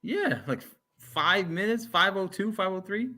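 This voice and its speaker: A man's voice: sits high, expressive, unhurried, bright, forceful tone. A man in a casual chat, reacting with short questions.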